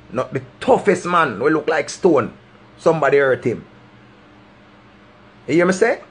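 Husky Jamaican man preaching advice. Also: medium pitch. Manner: preachy, emphatic, repeats his points. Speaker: vlogger giving life advice. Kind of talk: impassioned monologue to camera.

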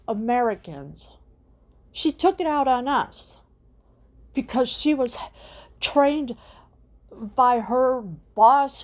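A woman's voice: a little high, darkish tone. A middle-aged woman hosting her own channel, delivering an indignant political rant and firing off repeated rhetorical questions. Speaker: channel host.

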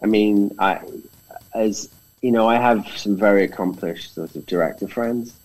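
A man's voice: on the low side, moderate pace, low-quality recording. A British man, a film director, telling stories in a casual conversation and acting out the quotes. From Britain. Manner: animated storyteller, acts out quotes.

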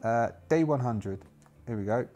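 A man's voice: mid-range voice, lively intonation, a little slow, dark tone, soft background music. A man narrating a solo tabletop game, thinking aloud and rambling with many fillers.

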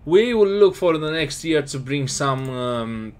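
Excitable man commenting on a football game. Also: on the high side, measured pace, smooth. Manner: excitable, scolds his players, non-native grammar. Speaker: gaming commentator.

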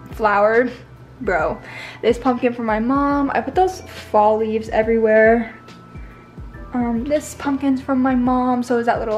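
A woman's voice: high voice, a little mellow. A young woman giving a casual room tour vlog, bubbly and gushing, slightly out of breath. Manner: bubbly, gushing, repeats "so cute". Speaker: vlogger.

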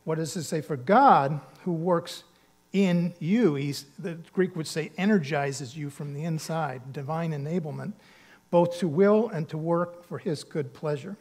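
A man's voice: on the high side, a little slow, darkish tone. A man preaching a sermon as pastor, speaking earnestly and conversationally, with emphatic bursts on key words. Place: church sanctuary.

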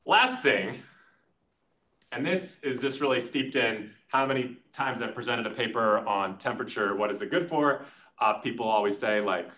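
A man's voice: medium pitch, lively intonation, normal speed, sharp tone. A man acting as conference discussant, giving casual, rambling academic comments full of fillers and self-deprecating asides. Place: conference session room.

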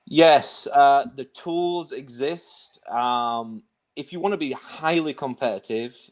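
A man from England, a guest tabletop player in a casual interview, easygoing and quick to laugh. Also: medium pitch. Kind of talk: casual video-call interview.

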